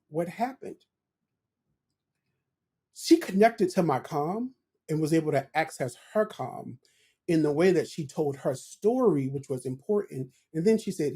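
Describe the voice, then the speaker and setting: A man's voice: fairly high pitch, warm tone, slightly rough. A man who is a guest on a podcast interview, explaining ideas through stories in a reflective, conversational way and often checking in with "right?". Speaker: guest, professional development director.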